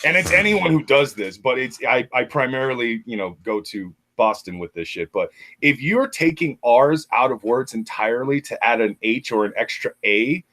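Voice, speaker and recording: A man's voice: medium pitch, lively intonation, normal speed, a bit bright. A man ranting and swearing in casual stream banter.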